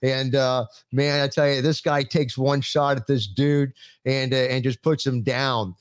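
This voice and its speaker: Halting man hosting a panel show. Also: medium pitch, fairly even intonation, smooth, dry recording, studio quality. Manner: halting, lots of fillers. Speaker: podcast host. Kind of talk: casual panel chat, reading news.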